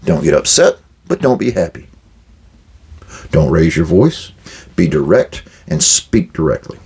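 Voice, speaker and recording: A man's voice: low voice, lively intonation, a little slow, darkish tone, slightly rough. An older man hosting a management advice talk, blunt and direct, acting out quoted exchanges with workers. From United States. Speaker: podcast host giving management advice.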